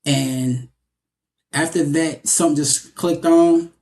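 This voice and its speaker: A young man with a slightly high voice tells his story in a relaxed interview. He is animated and often restarts or repeats words. His delivery is casual and conversational. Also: slow, crowd noise. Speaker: actor, interview guest.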